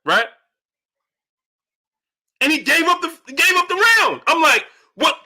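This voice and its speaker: A man hosting a live-stream boxing talk show from home, greeting viewers in chat and loudly acting out his own shouting at the screen. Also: very high-pitched, expressive, measured pace. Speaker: boxing channel host.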